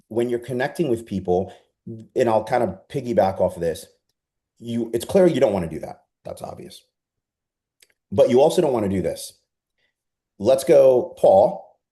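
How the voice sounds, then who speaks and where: A man coaching a group live on a video call, energetic and persuasive, often asking his audience rhetorical questions. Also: on the low side. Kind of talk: live online coaching session.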